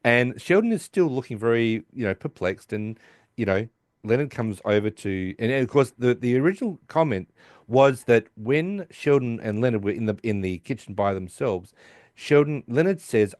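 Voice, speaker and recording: A man with a lively, swooping delivery hosts a casual recap podcast, slipping into quick voiced quotes as he retells each scene. The sound is dry and close. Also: medium pitch, dry recording. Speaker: podcast host.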